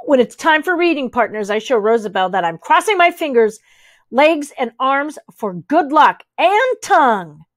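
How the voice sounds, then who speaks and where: A woman reading a children's chapter book aloud, lively and switching voices for each character. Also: high-pitched, moderate pace, no room sound. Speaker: audiobook reader.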